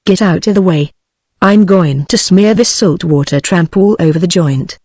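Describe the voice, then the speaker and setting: A text-to-speech British-accented woman voicing a huge brawling man in a storybook, in flat synthetic tones. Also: fairly low pitch, moderate pace, breathy edge, no echo, clean studio sound. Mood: gruff. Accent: British English. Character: huge brawling male dockside bruiser.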